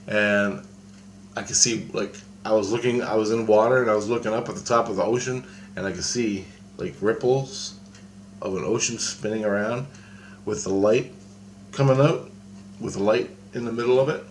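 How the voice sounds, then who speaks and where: A man casually recounting a personal experience, rambling and halting, with many restarts and some swearing. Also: lowish voice, slight background noise. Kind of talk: casual spoken anecdote.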